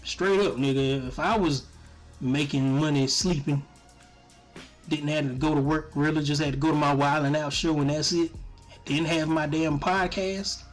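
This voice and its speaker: A man giving casual, profane commentary on his stream, animated and often breaking into laughter. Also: a little high.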